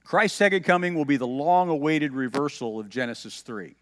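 A man's voice: a little high, brisk, big-room sound. A male pastor preaching a sermon, teaching and asking the listeners questions, and reading scripture aloud with emphasis. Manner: teaching, asks the congregation questions.

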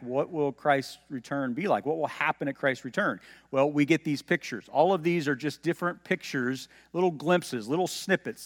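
A man's voice: a little high, a bit bright, big-room sound. A male pastor preaching a sermon, teaching and asking the listeners questions, and reading scripture aloud with emphasis. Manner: teaching, asks the congregation questions.

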